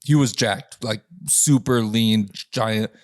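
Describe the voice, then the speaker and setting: Speaking slowly in a lowish voice, this man hosts a podcast and spins rowdy, profane stories in casual conversation. He laughs a lot and acts out the people involved with quoted voices, all captured in a dry, clean studio recording.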